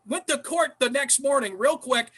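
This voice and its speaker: High, bright-voiced comic storyteller man. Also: normal speed. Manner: lively, acts out other people's lines. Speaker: improv troupe member telling stories.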